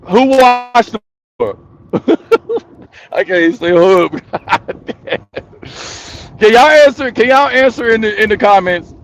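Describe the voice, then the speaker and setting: Talking straight to his channel's viewers, this high-voiced host shares casual opinions with lively intonation and a fairly bright tone. He speaks slowly, pauses often, repeats his points for emphasis, and laughs in between ideas.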